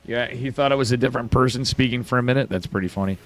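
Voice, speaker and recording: A man with an upstate New York accent giving casual live commentary on a strategy game, swearing now and then and bursting into excited outbursts. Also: mid-range voice, rapid-fire, noisy background. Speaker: esports caster.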